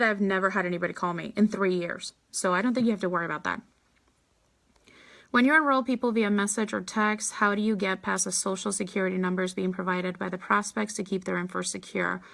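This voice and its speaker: A woman's voice: mid-range voice, vocal fry, sharp tone. A woman answering viewer questions in a casual live Q&A, chatty and blunt, often acting out what she says to people. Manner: chatty and blunt, quick asides, acts out her replies. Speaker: network marketing leader answering viewer questions.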